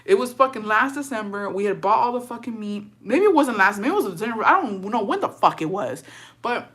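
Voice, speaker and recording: A woman's voice: medium pitch, animated, brisk, a bit bright. A young adult woman telling a story in a casual, profane rant, slipping in Spanish words. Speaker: storyteller on a livestream.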